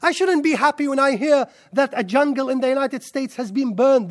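An Islamic lecturer with a very high-pitched voice speaks at a moderate pace, barely pausing, as he delivers an impassioned religious lecture to a live audience. He's excitable and fires rhetorical questions at his listeners.

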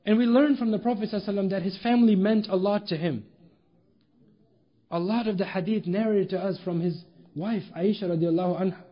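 A man's voice: high voice, quick pace. A man preaching a sermon with emphatic rhetorical questions and storytelling. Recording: dull lo-fi recording.

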